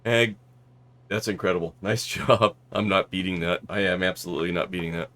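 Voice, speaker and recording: A man's voice: deep voice, brisk, pushed and bright. A man from Southern California chatting casually while streaming a flight simulator, making radio calls and rambling with many restarts.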